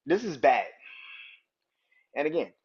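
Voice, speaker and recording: A man's voice: fairly high pitch, very animated, slow pace, slightly rough. A man hosting a solo sports podcast, ranting in a heated, profane, emphatic way. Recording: dull lo-fi recording.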